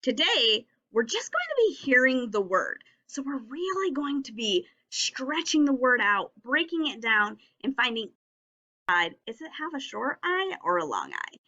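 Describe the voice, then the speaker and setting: A woman teaching a phonics lesson to young children, slowly stretching out and sounding each letter of the words. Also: sits high, sing-song, pushed and bright, lo-fi sound.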